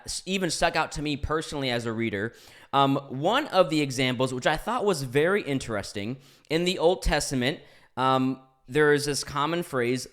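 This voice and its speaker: A man's voice: fairly high pitch, a bit bright. A young man hosting a podcast, asking earnest, curious questions with frequent fillers and self-corrections. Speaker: podcast host. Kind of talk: interview questions.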